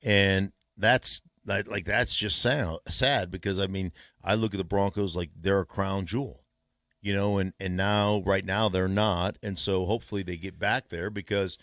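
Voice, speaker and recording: A man with a very low voice tells stories as a guest in a studio chat, lively and casual. The sound is dry and close, with no room echo. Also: moderate pace. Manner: storytelling, animated. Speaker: guest, former player and radio host. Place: radio studio. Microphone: studio mic.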